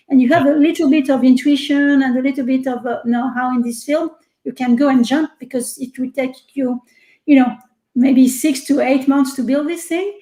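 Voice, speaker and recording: A woman's voice: sits high, mellow, reverberant, rough recording. A woman with a French accent talking animatedly in a casual interview over a video call, repeating words and using many fillers. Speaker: research executive guest.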